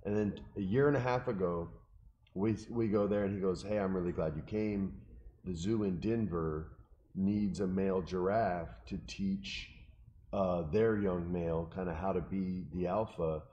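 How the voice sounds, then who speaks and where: Deep-voiced man telling a story. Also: normal speed, highs cut off. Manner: animated, emotional, quotes people in his stories. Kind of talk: casual storytelling chat.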